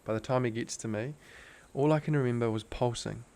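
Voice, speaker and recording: Talking fairly quickly in a mellow, medium-pitched voice, a young Australian podcast guest relates a personal story. He's earnest and intense, leaning on "like" as a filler, and the format is a casual storytelling interview.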